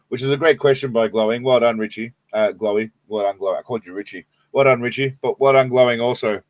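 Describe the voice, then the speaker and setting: A man's voice: mid-range voice, steady tone, fast, hardly any pauses, no room sound. Crude, joking man hosting a stream. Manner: crude joking, laughs often. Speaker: livestream host. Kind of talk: casual reaction commentary.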